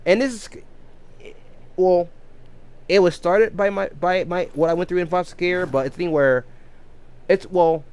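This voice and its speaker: A man's voice: sits high, a little slow, long pauses, darkish tone, clean tone. A man in his thirties chatting casually on a live game stream, rambling with many restarts and repeated words. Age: 30s.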